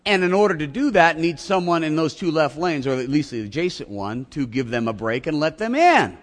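A middle-aged man preaching a sermon speaks fairly quickly at a fairly high pitch. He is a pastor telling a lively story at his own expense, even acting out shouting, and the recording has a long hall reverb.

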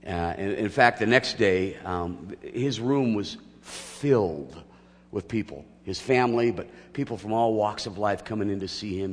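A middle-aged male pastor preaching a sermon, telling a personal story with gentle humor before building into emphatic teaching. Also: deep voice, big-room sound.

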